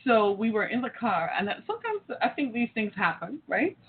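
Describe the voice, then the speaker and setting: Woman host in her forties, lively storyteller who acts out voices, heard down a thin phone-like line. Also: a little high, normal speed, breathy edge. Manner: animated, acts out quoted voices. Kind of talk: storytelling to an audience. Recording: tinny phone-like line with faint noise.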